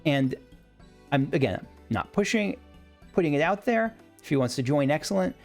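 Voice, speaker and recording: His voice sits a little high and sounds gravelly and expressive, moving at a moderate pace with faint music behind it. As a let's play host he chatters about the game he's playing, full of enthusiasm, wandering off topic and interrupting himself constantly.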